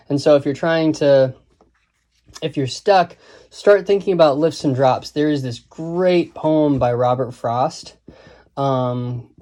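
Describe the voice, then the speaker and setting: A man's voice: medium pitch, mellow. A man giving a casual, digressive lesson on writing, thinking aloud and reciting quotes and lines of verse. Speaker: writing teacher.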